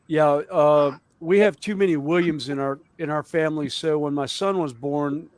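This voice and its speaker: A man chatting casually on a livestream, telling jokes and stories with many pauses and fillers. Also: on the high side, fairly even intonation.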